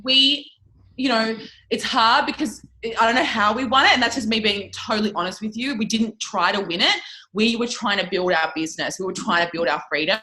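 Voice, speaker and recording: A woman's voice: mid-range voice, fairly quick, sharp tone, rough recording. A woman telling a story in a casual interview, chatty and swearing freely, with lots of "like" fillers. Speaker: interview guest, network marketing leader.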